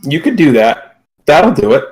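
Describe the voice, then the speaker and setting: A man's voice: fairly high pitch, very animated, normal speed, a little mellow, rough recording. A man as game master, narrating a tabletop game in a loose, casual way.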